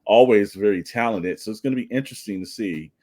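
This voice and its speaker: A man co-hosting a podcast, giving relaxed, measured opinions in casual group chat. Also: fairly low pitch. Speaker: podcast co-host.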